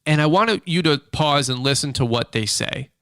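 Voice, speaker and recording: Man, podcast host, casual business chat, animated and rambling, bright voice, dry recording. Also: a little high, moderate pace, clear, resonant tone, no room sound. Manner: animated, rambling, lots of fillers and restarts. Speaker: podcast host, lawn care business owner. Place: small makeshift home studio with a hard wood table.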